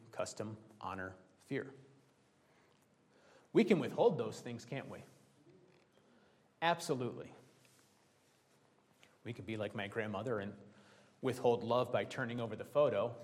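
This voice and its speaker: A middle-aged male pastor delivering a sermon in a relaxed, conversational way. He weaves personal stories and everyday examples between scripture readings, at an ordinary pitch for a man.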